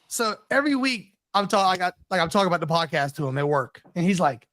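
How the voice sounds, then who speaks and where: High-voiced, laughing male podcast host. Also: quick pace, hardly any pauses, dry recording. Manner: laughs often, excitable storyteller. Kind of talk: casual podcast chat.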